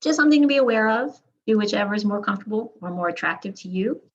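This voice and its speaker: A woman teaching a pronunciation lesson, modeling words one at a time in deliberate, careful lists. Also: mid-range voice, lively intonation, muffled recording. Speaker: Spanish teacher.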